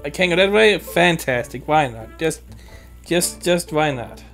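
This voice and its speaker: A woman's voice: deep voice, lively intonation, slow pace. A young woman giving let's play commentary, muttering to herself and cursing in frustration at a puzzle. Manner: exasperated, swearing, muttering to herself. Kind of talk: video game commentary. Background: faint game music.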